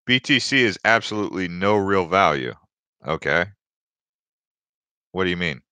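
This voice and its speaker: A young man hosts a casual crypto livestream in a low, expressive, smooth voice with a sharp tone and moderate pace. He rambles chattily over stories and viewer comments, restarting often and using fillers, with no room sound.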